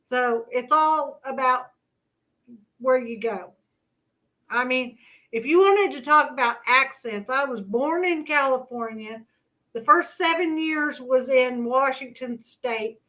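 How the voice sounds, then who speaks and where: A woman's voice: sits high, dull audio. A woman from Kansas hosting a casual commentary stream, chatty and folksy with laughing asides. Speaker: host.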